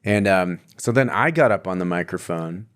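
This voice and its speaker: A low-voiced man hosting a laid-back podcast conversation. He laughs easily and keeps a chatty, friendly flow as he tells his story. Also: lively intonation, normal speed, smooth. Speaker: podcast host. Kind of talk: casual chat.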